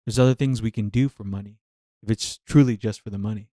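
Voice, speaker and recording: A man's voice: fairly low pitch, fairly even intonation, fast, dark tone, dry recording, studio quality. A man, a nurse, giving casual reaction commentary on a TV show, passionate and venting, repeating himself as he thinks aloud.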